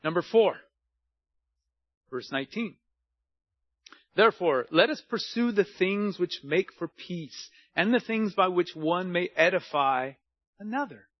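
A man's voice: sits high, lively intonation, measured pace, pauses often, dry recording, lo-fi sound. A middle-aged male pastor preaching a sermon in a conversational way, with personal stories and self-deprecating humor.

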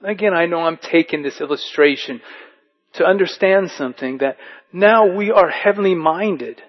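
A man preaching a sermon as pastor, reading scripture and telling animated stories. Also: sits high, normal speed, lo-fi sound.

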